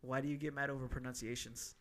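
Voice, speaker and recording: A young man co-hosting a casual podcast chat, playful and quick to laugh. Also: medium pitch, little pitch movement, fairly bright tone. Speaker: podcast co-host. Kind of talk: casual chat among friends.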